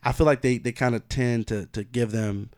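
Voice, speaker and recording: A man co-hosting a casual chat, talking through award nominees in relaxed slang with frequent restarts. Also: medium pitch, normal speed. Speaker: co-host.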